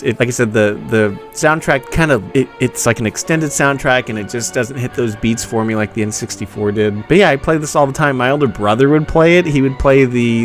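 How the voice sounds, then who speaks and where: A man talking casually about games he loves, heartfelt and rambling with many restarts. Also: mid-range voice. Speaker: retro gaming YouTuber. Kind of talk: casual nostalgic talk to camera.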